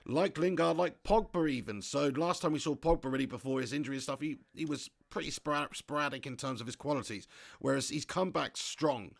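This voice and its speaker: Fairly high-pitched with vocal fry and a slightly fast pace, this young man runs a live football watch-along. He reads out viewer comments, chats excitably, laughs often, and swears casually.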